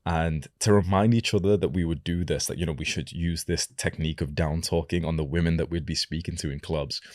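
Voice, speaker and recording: A young man coaching viewers in a direct-to-camera vlog, instructive and deliberate, demonstrating his own voice as he explains. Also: low-pitched, steady tone, a little mellow, no echo, clean studio sound. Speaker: self-improvement coach.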